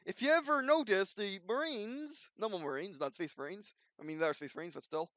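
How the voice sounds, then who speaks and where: Talking off the cuff as host of his video, he wanders and restarts often, padding with fillers, all in a dull lo-fi, dry recording. The voice sits high, fairly bright, and moves fairly quick.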